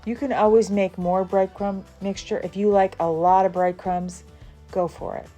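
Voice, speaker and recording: Mellow-voiced woman hosting a cooking video. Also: mid-range voice, normal speed, soft background music. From Southern United States. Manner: relaxed and chatty, with fillers and small laughs. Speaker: cooking channel host. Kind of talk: casual cooking demonstration voice-over.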